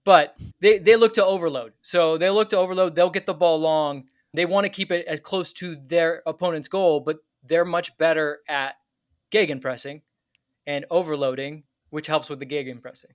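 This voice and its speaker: A man co-hosting a soccer podcast, calmly breaking down tactics step by step in casual chat. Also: on the high side, moderate pace, no room sound, studio quality.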